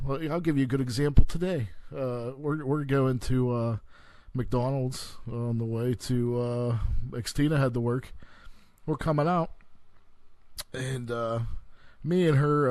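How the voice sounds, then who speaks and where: A man hosting his own show, ranting in a casual, heavily profane way, halting often on fillers and restarts. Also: mid-range voice, a little mellow, no echo. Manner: heavy swearing, halting with many fillers. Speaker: podcast host. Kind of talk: profane rambling rant.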